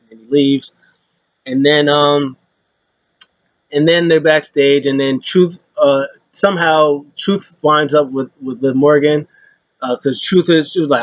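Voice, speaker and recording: A man's voice: medium pitch, measured pace, no room sound. A man casually recapping wrestling, rambling with many fillers and acting out quotes in put-on voices.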